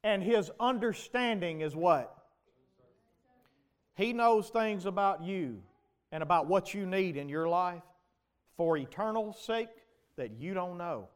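A male pastor preaching a sermon, asking the congregation questions and building to loud, emphatic passages. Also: high-pitched, expressive, takes it slowly, long pauses, clear, resonant tone. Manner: preaching with rhetorical questions to the congregation, rising to shouts.

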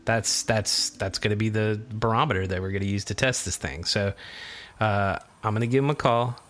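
A man's voice: on the low side, moderate pace, a bit bright. A man co-hosting a casual podcast chat, talking in a rambling way and repeating words as he searches for them. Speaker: podcast co-host.

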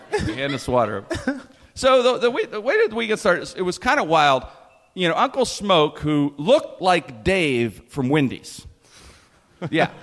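Brief: lively, excitable male storyteller, voice swinging up and down, a little higher-pitched, long hall reverb. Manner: animated, laughing often, lots of restarts. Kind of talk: comic storytelling.

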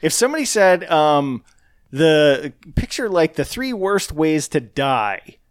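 A man's voice: a little high, big pitch swings, takes it slowly, clean tone, no room sound, studio quality. A man co-hosting a casual chat show, blunt and self-mocking. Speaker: podcast co-host.

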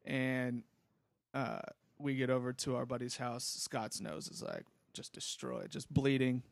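Gravelly young man telling a story. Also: medium pitch, a little slow, no room sound, clean studio sound. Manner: laid-back, rambling, profane. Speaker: podcast host. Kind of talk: casual storytelling.

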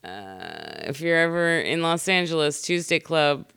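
Chatty woman, smooth dry voice. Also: sits low, big pitch swings, measured pace, a bit bright, no room sound. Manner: chatty, loose, full of "like" fillers. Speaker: podcast guest. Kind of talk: casual chat.

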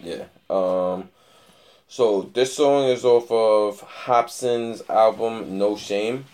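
A man's voice: fairly low pitch, extremely slow, darkish tone. A man co-hosting a casual music podcast, talking in a laid-back, rambling way with lots of fillers. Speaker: podcast co-host.

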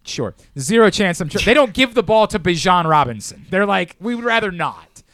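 A man hosting a sports radio show, teasing the others and reacting quickly during casual betting talk. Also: high-pitched, sing-song, a bit bright, no room sound.

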